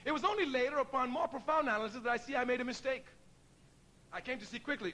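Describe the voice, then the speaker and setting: Bright, high-pitched man telling stories. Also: fast talker, rough recording. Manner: storytelling, laughs often, acts out quoted dialogue. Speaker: speaker addressing an audience. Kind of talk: public speech.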